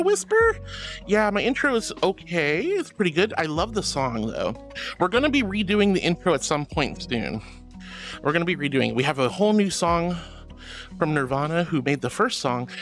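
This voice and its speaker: A woman streamer chatting casually with viewers in a bubbly, giggly, affectionate way. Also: low voice. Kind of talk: casual livestream chat.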